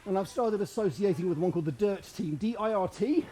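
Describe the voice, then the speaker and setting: Man, out of breath, chatty ride commentary, high voice, faint background hum. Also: fairly quick, mellow. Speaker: cyclist streaming a virtual race.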